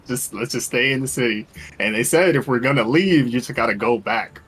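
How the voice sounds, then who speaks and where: A man's voice: mid-range voice, lively intonation, moderate pace, fairly bright tone, slightly rough. A man playing a tabletop game, partly in character, polite and laughing often. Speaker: player.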